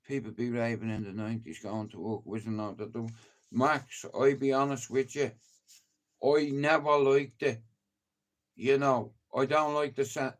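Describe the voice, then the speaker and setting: A middle-aged man from Ireland with a Dublin accent, telling rambling, profane stories to a live stream audience, full of "you know". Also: medium pitch. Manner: rambling, profane, lots of 'you know'. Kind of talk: casual anecdotal storytelling.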